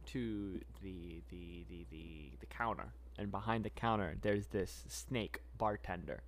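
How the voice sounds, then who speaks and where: A man's voice: low-pitched, a little slow, slight background noise. A man co-hosting a casual podcast, improvising a story with laughs and rambling. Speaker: podcast co-host.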